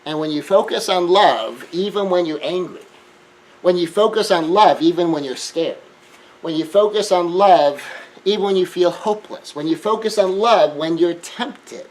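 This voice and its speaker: A man's voice: high voice, normal speed, poor audio. Earnest man giving a self-help talk. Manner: earnest, emphatic, shifts between hushed and raised. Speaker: speaker.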